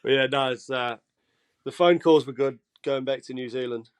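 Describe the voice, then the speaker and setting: A young man from England with a Geordie accent, a podcast guest telling stories in casual chat, animated and swearing freely as he acts out quotes. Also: medium pitch, normal speed, clean tone.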